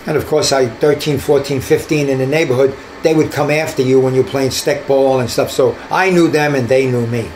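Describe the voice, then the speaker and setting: Speaking fairly quickly and barely pausing, a retired detective in his older years recounts career stories in an interview. His voice is medium in pitch, and he brings quoted people to life by performing their voices. Slight background noise accompanies the poor-quality audio.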